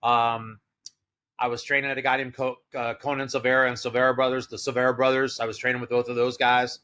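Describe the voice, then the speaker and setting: Man, middle-aged, bright voice, casual rambling storytelling, podcast guest. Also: mid-range voice, flat delivery, fast. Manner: rambling, filler-heavy storytelling with quoted dialogue.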